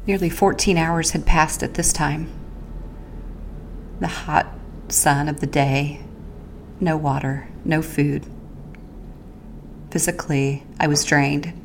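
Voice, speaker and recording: A woman with a somewhat low voice tells her own story as a podcast host. She speaks earnestly and haltingly, pausing and restarting as she recalls each moment. She also speaks openly of prayer and faith. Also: fairly even intonation, a little hiss or hum. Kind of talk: first-person personal storytelling.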